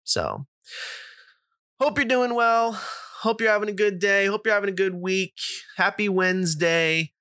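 Forceful, bright-voiced man telling a story. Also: high-pitched, measured pace, long pauses, smooth, no echo, studio quality. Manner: chatty, profane, lots of fillers and asides. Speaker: podcast host. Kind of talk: casual storytelling monologue.

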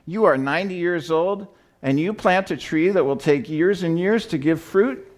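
A man's voice: mid-range voice, normal speed, natural voice. A man voicing an astonished nobleman who exclaims in disbelief while reading a story aloud. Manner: exclaiming, incredulous, raised voice. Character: astonished rich nobleman on horseback, adult man.

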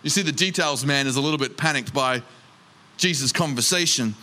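A man preaching a sermon as pastor, reading scripture and acting out the disciples' lines, slowing down to stress key phrases. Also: medium pitch, pushed and bright. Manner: reads scripture aloud and acts out the disciples' lines; emphatic, slows down on key phrases.

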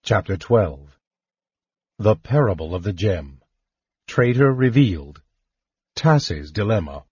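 A man narrating an audiobook in an even, measured reading. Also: lowish voice, breathy edge, dry recording. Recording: dull, dry lo-fi recording.

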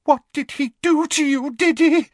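Guy putting on a high shrill panicky mum voice, fussy and frantic, dry close sound. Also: sing-song, a little slow, fairly bright tone, no room sound, full character voice. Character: shrill fussing middle-aged mother.

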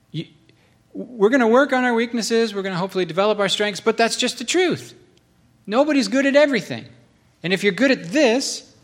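A man with a high-pitched voice delivers a relaxed, conversational sermon. He tells stories with animated swings between quiet asides and sudden high outbursts, often laughing at himself. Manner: self-deprecating, laughs at himself. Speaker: pastor. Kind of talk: casual sermon storytelling.

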